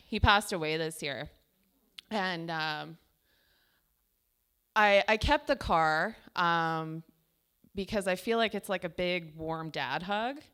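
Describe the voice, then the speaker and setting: Here a young woman comedian shares chatty, self-deprecating stories at a small comedy show, peppering them with "like." She has a smooth, sharp-toned voice in the mid range.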